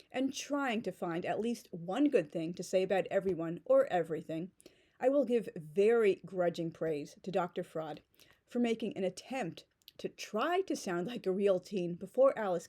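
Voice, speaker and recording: A woman's voice: mid-range voice, warm tone. A woman giving a casual spoken book review in a sarcastic, mocking tone.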